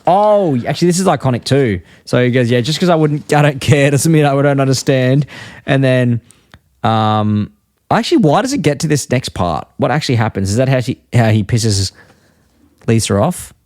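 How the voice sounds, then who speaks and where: A man chatting on a podcast, recounting scenes in a loose, rambling way and acting out quoted lines as he goes. His voice sits at an ordinary pitch, and the sound is dry and close, with no room around it. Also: lively intonation, moderate pace, darkish tone, no room sound. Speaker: podcast co-host. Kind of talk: casual chat recapping an episode.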